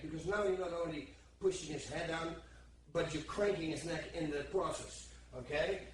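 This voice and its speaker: A man's voice: a little high, a little hiss or hum. A man instructing martial arts escapes while demonstrating on a partner, counting the moves aloud as he goes. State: strained under pressure at times. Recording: echoey room, distant mic, faint background.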